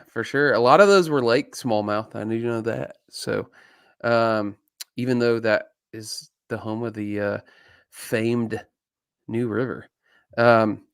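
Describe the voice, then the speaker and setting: A man co-hosts a live fishing podcast, chatting casually, joking and laughing a lot, with plenty of ums. His mid-range voice is smooth, in clean studio sound with no room noise.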